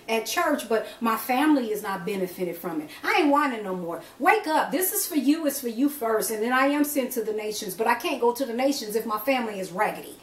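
Fervent older woman minister preaching. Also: a little high. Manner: fervent, rising to emphatic exclamations; colloquial street phrasing. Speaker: minister leading a prayer call. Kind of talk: preached exhortation. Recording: echoey distant call audio.

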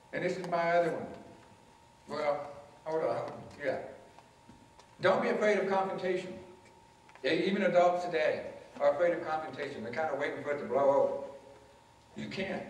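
A man's voice: high voice, far from the mic, slight background noise. Man addressing students in an echoey hall. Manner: addresses audience directly, acts out quoted voices. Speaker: motivational speaker. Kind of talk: anti-bullying talk to students.

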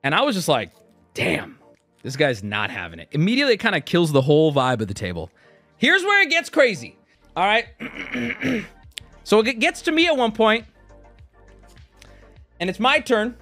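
A man's voice: sits high, moderate pace, long pauses, dry recording, soft background music. A man in his thirties casually telling a swear-filled story, acting out what people said. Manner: animated, swears often, acts out quotes.

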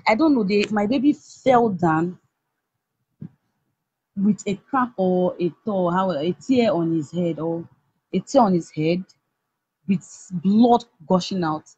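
A young Nigerian woman with a husky voice, heatedly retelling a personal story with many restarts. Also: lowish voice, takes it slowly, long pauses, a little mellow, no room sound. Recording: dull lo-fi recording.

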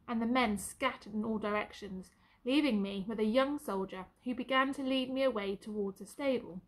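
A woman teacher reading a novel aloud in a measured, expressive way. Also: a little high. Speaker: primary school teacher.

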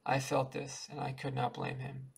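Male audiobook narrator, very gravelly and husky, flat delivery. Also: mid-range voice, moderate pace, far from the mic, rough recording. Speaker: audiobook reader. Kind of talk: reading a short story aloud.

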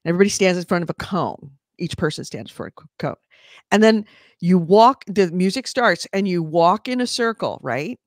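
Female co-host, lively pitch, mock-outraged ranting, dry close mic. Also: normal speed, dry recording. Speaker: podcast co-host. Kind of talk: casual chat.

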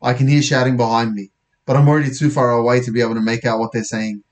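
Casting: male narrator, casual wry audiobook read, mid pitch. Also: level tone, fast talker. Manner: casual, self-correcting, wry. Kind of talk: first-person audiobook reading.

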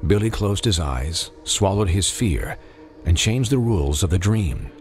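A man narrating a dark audiobook in measured, dramatic storytelling. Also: low voice, animated. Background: music.

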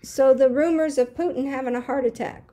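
A woman's voice: sits high, fairly even intonation, brisk, mellow. A woman co-hosting a talk show, asking brief questions and giving short replies. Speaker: co-host. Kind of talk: call-in talk show chat.

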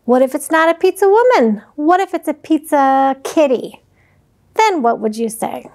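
A woman voicing a patient mother who gently asks her child questions in a storybook reading. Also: sits high, animated, normal speed, a little hiss or hum.

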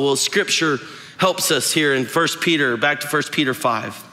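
A man's voice: a little high, moderate pace, pushed and bright. A young adult male pastor preaching a sermon, telling a self-mocking story and joking with the congregation. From West Texas. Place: large church auditorium. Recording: long hall reverb in a large church.

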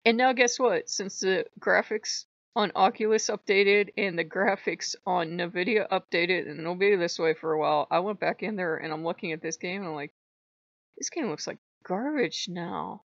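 A woman chatting to her viewers, her voice gravelly with fry as she tells an exasperated story full of laughs. The recording is dry and a little dull and lo-fi, like a home setup. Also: fairly low pitch, fairly even intonation, normal speed, hardly any pauses, no echo. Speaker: vlogger on a spirituality channel. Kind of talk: casual chat.

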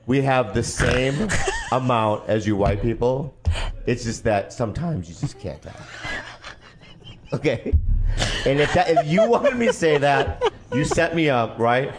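A man joking around as a podcast guest, laughing through his lines. His pitch rises and falls a lot, and a clear hiss of noise runs under the recording. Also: lively intonation, a little slow. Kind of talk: casual podcast chat.

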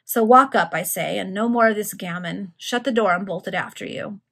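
A gruff, growling body-snatcher villain, menacing and blunt, as a woman reads him aloud for friends. The voice has a husky, breathy edge. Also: mid-range voice, normal speed, fairly bright tone. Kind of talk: informal read-aloud among friends.

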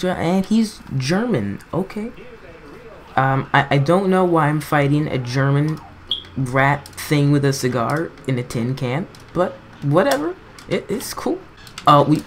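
A woman's voice: deep voice, a little hiss or hum. A woman giving rambling, self-mocking gameplay commentary, breaking into frantic yelps when things go wrong. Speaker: gaming commentator.

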